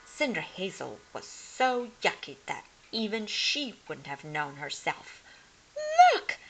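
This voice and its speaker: A woman reading a humorous picture book aloud as a storyteller, slow and expressive. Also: low voice, slight background noise, poor audio.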